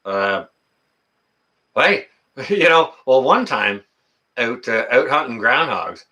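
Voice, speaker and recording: A man's voice: mid-range voice, sing-song, slow pace, pushed and bright. A middle-aged man hosting a casual livestream, reading the chat in a folksy way, with lots of fillers and laughter.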